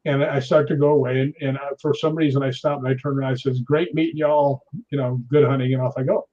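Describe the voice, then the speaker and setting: A man in his sixties, a stunt performer, telling anecdotes in a lively way, laughing often and acting out other people's lines. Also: medium pitch, fast. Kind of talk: anecdotal storytelling. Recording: dull lo-fi recording.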